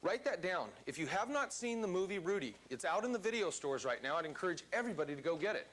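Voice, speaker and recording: A man's voice: high-pitched, very animated, quick pace, a bit bright, a little hiss or hum. A man giving a motivational seminar talk to a live audience in a seminar room, speaking emphatically and quizzing the crowd.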